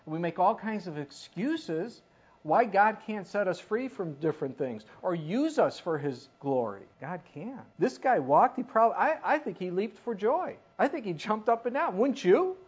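Animated preacher on a dull recording. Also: mid-range voice, moderate pace, slightly rough. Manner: animated, asks the listeners questions. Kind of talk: sermon.

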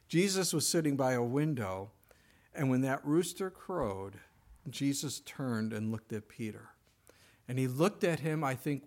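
A male pastor preaching a conversational sermon, his voice dropping soft and quiet in emotional moments. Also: a little high.

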